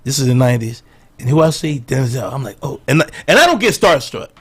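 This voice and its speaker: A middle-aged man and comedian guest, telling animated stories and acting out the quotes in casual podcast banter. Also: medium pitch, fairly quick, husky. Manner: animated storyteller, acts out quotes. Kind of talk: storytelling banter.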